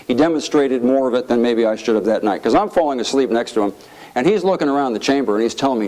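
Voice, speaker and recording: A middle-aged man recounts his years in politics, speaking to an audience. He is a lively storyteller who jumps up in pitch to act out what others said, with an even, medium-pitched voice otherwise. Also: quick pace, rough recording. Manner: lively storyteller, acts out quotes with a raised voice. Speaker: former congressman telling stories. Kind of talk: anecdotal speech to an audience.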